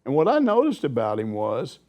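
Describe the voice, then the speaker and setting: An older sports reporter answers questions in a casual chat, animatedly telling anecdotes and laughing as he goes. His voice is medium in pitch and fairly quick.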